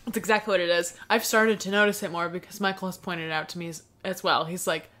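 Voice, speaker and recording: A woman's voice: on the low side, steady tone, fast, fairly bright tone. A young woman from Michigan with a Midwestern accent, co-hosting a podcast in a sarcastic, swearing, casual way. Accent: Midwestern American. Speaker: podcast co-host. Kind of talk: casual chat.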